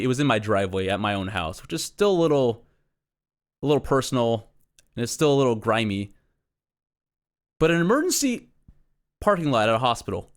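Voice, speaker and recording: A young man telling a long, profane, exasperated comic rant with sarcastic asides. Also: mid-range voice. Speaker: comedy podcast host. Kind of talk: ranting comic monologue.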